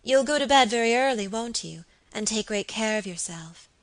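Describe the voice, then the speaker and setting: A woman reading the part of a sweet but secretive young lady who speaks softly and coaxingly. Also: fairly high pitch, expressive, normal speed, voice pushed up. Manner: soft, coaxing, at times whispered. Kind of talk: audiobook character reading.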